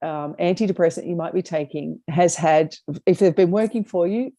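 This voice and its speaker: A woman's voice: on the low side, moderate pace, dark tone, no echo. A woman co-hosting a casual comedy chat over a video call, telling stories and laughing often. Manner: chatty storyteller, laughs often. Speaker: co-host.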